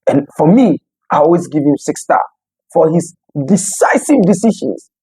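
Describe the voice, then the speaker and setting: A commentator from Africa giving casual news commentary, animated and laughing often between remarks. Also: mid-range voice, moderate pace, husky, poor audio.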